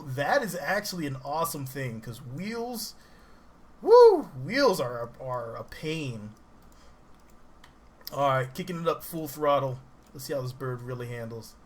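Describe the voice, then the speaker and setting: A man giving casual, rambling game commentary, excitable and laughing often as he plays. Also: on the high side, a little slow, long pauses, breathy edge. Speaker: gaming channel host. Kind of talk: casual let's-play commentary.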